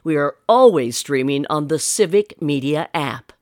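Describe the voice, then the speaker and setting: A woman's voice: sits low, expressive, a little slow, darkish tone, no room sound, clean studio sound. A woman announcer giving a scripted promo read for a radio network.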